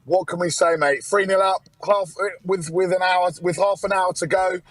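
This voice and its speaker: A man's voice: high voice, steady tone, moderate pace, no echo, low-quality recording. A man from England calling in by phone from the roadside after a match, chatting about football with jokey, mock-outraged banter. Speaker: fan show regular calling in. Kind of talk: casual football chat.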